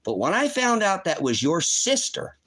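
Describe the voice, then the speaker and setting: A man's voice: high voice, wildly swooping pitch, normal speed, fairly bright tone, breathy edge. A man hosting a livestream, ranting in a heated, profane, accusing way. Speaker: livestream host. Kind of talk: angry livestream rant.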